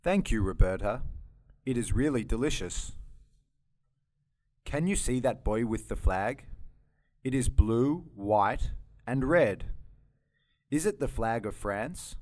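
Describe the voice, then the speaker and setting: A man's voice: mid-range voice, expressive, takes it slowly, pauses often, darkish tone. A man voicing a friendly British schoolboy at a party, speaking plainly and carefully in a scripted language-lesson dialogue.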